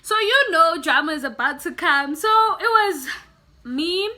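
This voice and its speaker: A woman's voice: very high voice, expressive, a little slow, pushed and bright. A young woman vlogging, telling a story casually and animatedly, often calling her viewers guys.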